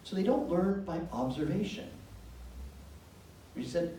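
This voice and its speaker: A man giving an educational talk to parents, telling anecdotes in an animated, joking way. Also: a little high, moderate pace. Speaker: presenter speaking to parents. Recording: echoey room from far off, faint background noise.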